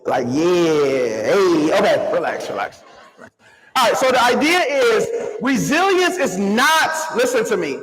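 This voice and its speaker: A man giving an energetic motivational keynote to a live crowd, calling on the audience to answer and move along with him. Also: high-pitched, a little slow. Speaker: motivational speaker. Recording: long hall reverb.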